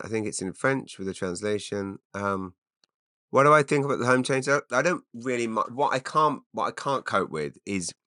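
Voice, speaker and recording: Low-voiced rambling man in his forties. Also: sharp tone, no echo, clean studio sound. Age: 40s. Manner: rambling, self-interrupting, wry asides. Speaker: podcast host. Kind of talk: rambling solo podcast.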